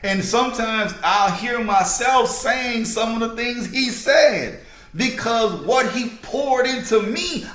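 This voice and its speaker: Male podcast host, high voice, slow and sermon-like, echoey room. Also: fairly bright tone. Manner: preacher-like, repeats key lines slowly for emphasis. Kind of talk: motivational podcast talk.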